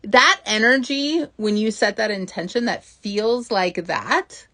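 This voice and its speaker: A woman giving a casual motivational talk as a mindset coach, chatty and animated, often asking "right?" and acting out inner thoughts. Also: medium pitch, slow, hardly any pauses.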